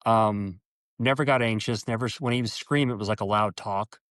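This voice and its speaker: This man, a guest in an interview, sincerely recounts something personal, stopping and restarting as he goes. When he voices other people's lines his pitch leaps higher. He sounds a bit bright, with no echo.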